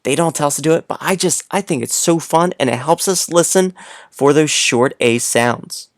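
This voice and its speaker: A man's voice: on the high side, normal speed, no echo, clean studio sound. A man teaching a read-aloud lesson to young children, playful and coaxing, speaking straight to the listener.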